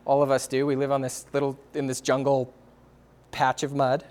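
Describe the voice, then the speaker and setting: A man telling a story to an audience in a casual, animated way, full of "like" and quick laughs. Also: mid-range voice. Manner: casual, lots of "like", laughs between phrases. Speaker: speaker sharing a testimony.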